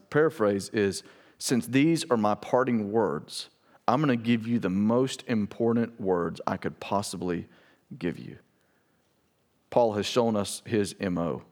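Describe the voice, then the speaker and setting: A pastor with a fairly low voice preaches with earnest emphasis, lowering to a quiet tone and repeating words to stress his message.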